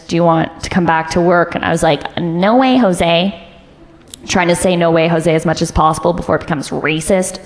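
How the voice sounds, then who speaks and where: A young woman performing a stand-up comedy set, delivering deadpan one-liners and jumping high in pitch when she acts out other people. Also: in a large hall, slight background noise. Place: comedy club stage.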